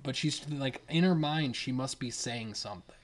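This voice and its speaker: A man's voice: mid-range voice, moderate pace. A young man telling a funny story in casual chat, laughing as he goes and saying "dude" and "man" a lot. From Detroit, Michigan.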